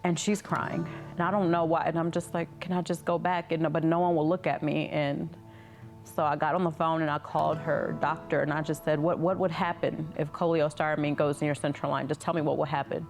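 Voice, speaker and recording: A mother telling a personal story in a halting way, restarting often. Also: deep voice, level tone, a little mellow, soft background music.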